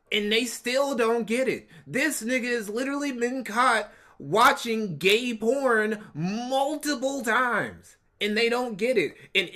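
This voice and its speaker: Mocking streamer with a fairly high voice. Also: male voice, a bit bright. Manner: mocking, profane commentary. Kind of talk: reaction stream commentary.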